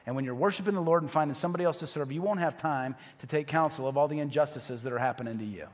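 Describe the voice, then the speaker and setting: A man's voice: fairly high pitch, rapid-fire, big-room sound. A male pastor preaching a sermon in a conversational, emphatic way, asking the congregation rhetorical questions.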